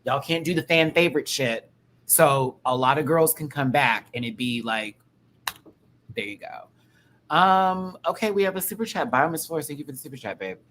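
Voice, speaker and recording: A man's voice: on the high side, lively intonation, moderate pace, fairly bright tone, slight background noise, poor audio. A man hosting a casual pop-culture chat show, talking in a sassy, rambling, profane way. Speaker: podcast host.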